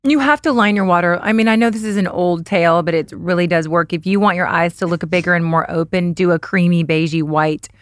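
A woman's voice: on the low side, steady tone, brisk, hardly any pauses. A woman co-hosting a beauty podcast, chatting casually and enthusiastically about makeup picks. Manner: chatty, enthusiastic product recommendations. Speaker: podcast co-host.

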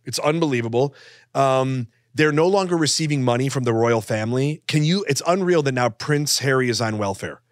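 A man riffs through a comedy podcast, rambling from joke to joke with plenty of fillers. His voice sits at an everyday pitch, recorded close and dry with no room sound. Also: lively intonation, moderate pace, no room sound. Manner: rambling, joking, lots of fillers. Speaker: podcast co-host. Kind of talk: casual comedic chat.

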